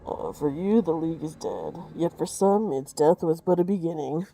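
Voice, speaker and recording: A woman voicing a grave, soft-spoken man from a game, with a muffled voice and slow, archaic phrasing. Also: low voice, vocal fry, slight background noise, voice pushed down. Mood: solemn. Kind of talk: reading game dialogue aloud.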